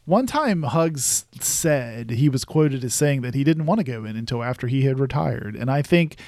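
A man's voice: medium pitch, animated, normal speed, darkish tone, dry recording. A man co-hosting a casual sports podcast, talking in a rambling way with many fillers. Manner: rambling, full of fillers and restarts. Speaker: podcast co-host.

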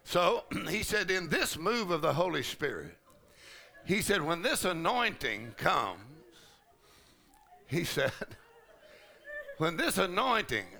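A middle-aged man preaching a charismatic sermon, breaking into loud laughter and shouts. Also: sits high, huge pitch swings, slow pace, gravelly, pauses often. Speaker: pastor. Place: large conference hall.

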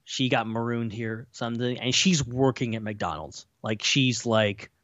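A man's voice: medium pitch, measured pace, a bit bright, no room sound, muffled recording. A man co-hosting a podcast in casual chat, rambling and speculating with many fillers. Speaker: podcast co-host.

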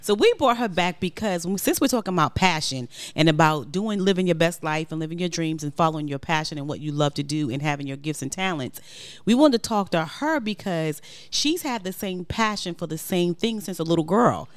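A woman co-hosting a family podcast, joking and chiming in with quick affirmations. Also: lowish voice, expressive, dry recording. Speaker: podcast co-host and mother. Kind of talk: casual family podcast chat. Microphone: studio microphone.

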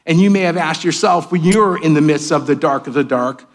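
A man preaching a sermon as a pastor in a church, swinging between raised, emphatic lines and hushed, quiet asides. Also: on the high side, brisk. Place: church sanctuary with cameras.

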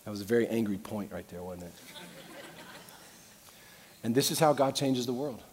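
A man preaching a sermon as pastor, out of breath and impassioned, shifting between loud preaching and quieter asides. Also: medium pitch, animated, normal speed, slight background noise. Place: large church sanctuary. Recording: church hall reverb.

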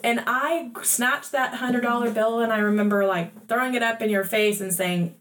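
A woman's voice: fairly high pitch, steady tone, normal speed, hardly any pauses. A middle-aged woman hosting a podcast, telling a childhood story in a reflective, conversational way. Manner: warm reflective storytelling with frequent laughs. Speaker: podcast host and coach.

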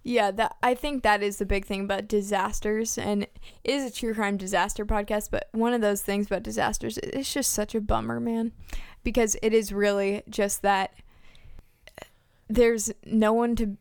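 A woman's voice: medium pitch, level tone, normal speed, clean tone, dry recording, clean studio sound. A teenage girl co-hosting a podcast, chatting casually and laughing easily. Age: teens. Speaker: podcast co-host.

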